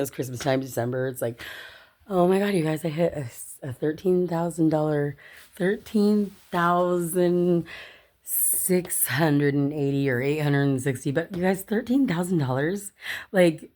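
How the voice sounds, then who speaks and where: A woman's voice: deep voice, a little slow, a little mellow. A woman vlogger telling a personal story casually to her viewers, chatty and swearing, often laughing and calling them "you guys.".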